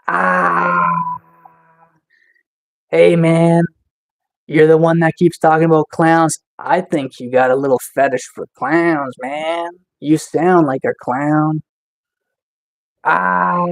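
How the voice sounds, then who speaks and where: A man's voice: fairly high pitch, flat delivery, a little slow, vocal fry. A man live-streaming in a casual chat, teasing and taunting the trolls in his chat with sarcastic mock-tough boasts.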